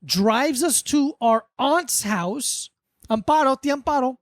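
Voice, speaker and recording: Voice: sits high, expressive, slow, dry recording, clean studio sound. Podcast co-host from Florida rambling casually. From Hollywood, Florida, US. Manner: loose, rambling with many "like"s. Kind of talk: casual chat, childhood storytelling.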